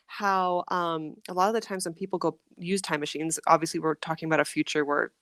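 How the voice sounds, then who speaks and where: A woman's voice: sits low, steady tone, brisk, a bit bright, no room sound, clean studio sound. A woman hosting a podcast, chatting casually and enthusiastically about books, with frequent restarts. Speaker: podcast host. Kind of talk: casual chat.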